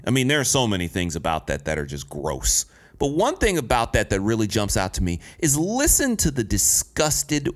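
A man commenting on a clip in an indignant, sarcastic and profane way. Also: fairly low pitch. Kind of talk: commentary vlog.

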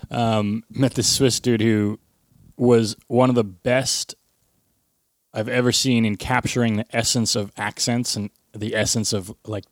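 Low-voiced casual man chatting. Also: dry recording, studio quality. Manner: animated storyteller, swears casually. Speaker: podcast co-host. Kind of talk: casual chat.

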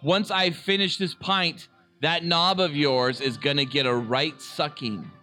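A man's voice: fairly high pitch, steady tone, bright, forceful tone, faint music behind. A man putting on a boozy British pub lad. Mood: mock-British. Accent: put-on British, drifting. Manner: exaggerated, drawn-out delivery.

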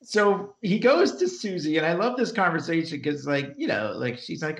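A New man with a gravelly, bright voice and a slightly high pitch. He chats casually as a podcast co-host, animated and expressive, slipping into characters' voices as he recaps scenes. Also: normal speed. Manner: animated, acts out characters' lines while retelling scenes. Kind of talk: casual chat recapping a TV episode.

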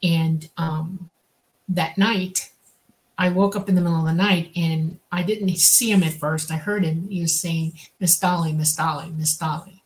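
A woman hosting a talk show, telling her own story calmly with a few fillers. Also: fairly low pitch, measured pace. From US state of Georgia. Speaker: podcast host. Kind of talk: casual storytelling.

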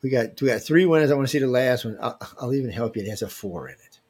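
A man's voice: mid-range voice, animated, fast talker, a little mellow, husky. A man hosting a casual livestream giveaway, reading viewer emails aloud and teasing them with loose slang. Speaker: livestream host running a giveaway.

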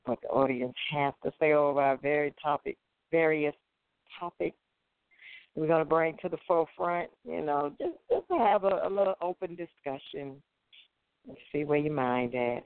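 Gravelly laid-back co-host man. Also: on the high side, animated, normal speed, dry recording. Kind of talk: casual talk show chat. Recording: dry, phone-like line.

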